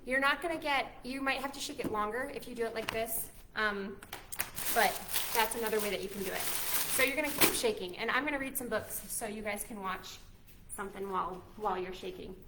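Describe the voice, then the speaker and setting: Brief: upbeat young woman librarian, high voice, addresses kids directly. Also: a little fast, heavy background noise. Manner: cheerful, encouraging, talks straight to kids. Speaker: children's librarian. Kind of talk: children's storytime and cooking demo.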